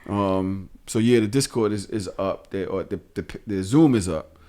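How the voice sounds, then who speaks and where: A man hosting a podcast in casual, profane chat, animated and often laughing. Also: low-pitched, normal speed. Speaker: podcast host.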